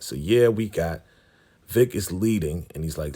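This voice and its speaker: Deep-voiced man recapping a TV episode. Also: big pitch swings, moderate pace, dark tone, slightly rough. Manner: street slang, retells scenes with quoted lines; addresses viewers as family. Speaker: YouTube TV recap host.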